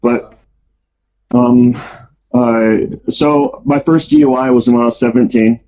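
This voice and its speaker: A man's voice: mid-range voice, fairly even intonation, slow, mellow. A man casually telling his life story, rambling with many ums and restarts. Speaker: storyteller guest. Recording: dull lo-fi sound.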